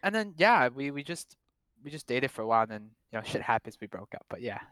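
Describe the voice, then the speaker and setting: A young man, speaking as a guest, chats casually about his past relationships in a medium-pitched, slightly bright voice that's very animated and fast. The recording is dry, and he jokes and rambles with many fillers and restarts.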